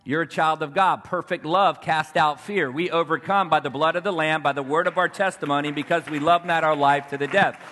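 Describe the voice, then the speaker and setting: A man's voice: fairly high pitch, bright, forceful tone. A man preaching a fervent sermon, telling stories and calling to the crowd for responses.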